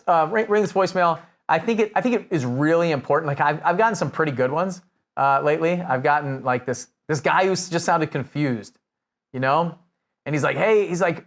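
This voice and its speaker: A man with a fairly high voice talks through real estate marketing advice in a relaxed coaching manner. He speaks loosely, often restarting sentences and dropping in fillers as he goes. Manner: conversational, many restarts and fillers. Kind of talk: casual coaching talk. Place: Nashville.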